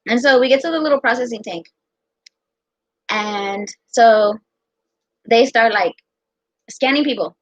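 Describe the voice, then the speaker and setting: A young American woman telling a personal story in a casual, profane, animated way. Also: on the high side, unhurried, long pauses, dry recording. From United States. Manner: profane, animated, quotes others in her own voice. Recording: dull lo-fi sound.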